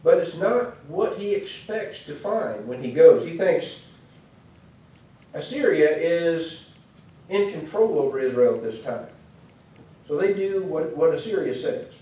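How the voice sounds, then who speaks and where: Fairly high-pitched and dark in tone, this preacher sounds animated yet unhurried. His Midwestern American accent carries through a chatty, story-driven sermon lesson packed with asides, captured from a distant mic in an echoey church hall.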